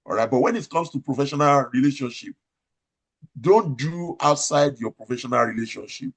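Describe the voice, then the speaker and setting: Loud, emphatic Nigerian man. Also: medium pitch, lively intonation, a little fast, slightly rough. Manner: loud, emphatic, repeats points and asks rhetorical questions. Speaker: operating room nurse manager. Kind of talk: advice talk in an interview.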